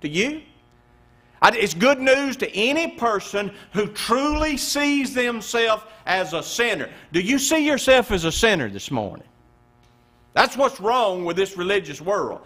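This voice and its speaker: Male pastor, high and lively voice, emphatic pulpit preaching with sudden soft drops. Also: unhurried. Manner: preaching with wide swings between loud emphasis and hushed low passages. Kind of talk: sermon. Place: church.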